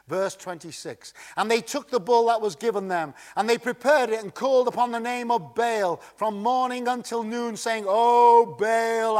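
High-voiced, slow, dramatic preacher. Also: male voice. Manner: dramatic, swings from loud emphasis to hushed. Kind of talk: sermon.

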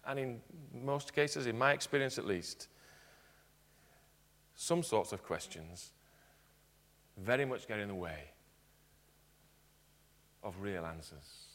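A man preaching a sermon in church, earnest, dropping to quiet emphatic points. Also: on the low side, animated, takes it slowly, pauses often. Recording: long hall reverb.

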